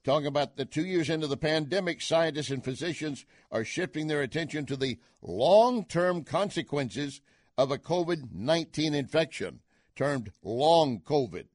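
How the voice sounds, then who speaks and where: A man's voice: fairly high pitch, animated, moderate pace, no room sound, studio quality. Emphatic male talk radio host. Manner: emphatic, punchy asides. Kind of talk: opinionated talk radio monologue.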